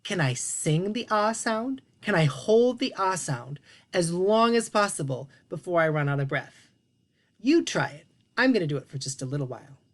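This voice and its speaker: A woman's voice: lowish voice, expressive, moderate pace. A woman teaching a phonics lesson to young children, patient and encouraging as she models sounds.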